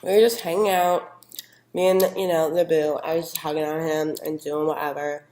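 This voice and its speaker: A woman's voice: low-pitched, little pitch movement, moderate pace, mellow, natural voice. A young woman playing a clingy, gossipy girlfriend who talks casually with lots of "like" fillers, recorded in an echoey room. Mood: confiding. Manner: casual, valley-girl "like" fillers. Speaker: interviewee in a mock news segment.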